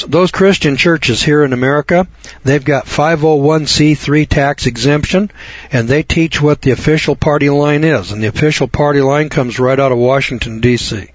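A man's voice: mid-range voice, no echo. Older male talk-radio host, folksy and ranting, dull dry lo-fi sound. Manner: folksy, ranting, rises to loud emphatic peaks. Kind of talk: preachy talk radio monologue.

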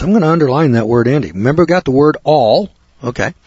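A man's voice: medium pitch, expressive, fast, darkish tone, breathy edge, no room sound. A man preaching a sermon in a blunt, folksy, crude manner, recorded on a dull lo-fi recording.

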